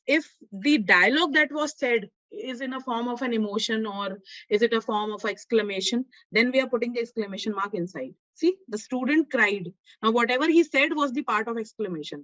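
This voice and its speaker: A woman's voice: a little high, expressive, fairly quick, fairly bright tone, dry recording. A woman teaching an online class, explaining step by step and checking in with her students. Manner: frequent fillers and restarts. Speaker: online course instructor. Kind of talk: live online grammar lesson. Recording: dull lo-fi online class audio.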